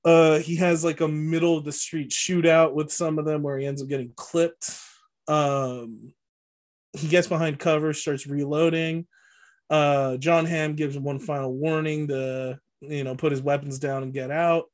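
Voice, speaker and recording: A man's voice: on the high side, level tone, measured pace. A man co-hosting a podcast, casually recapping a movie plot with lots of fillers and frequent laughs. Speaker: podcast co-host.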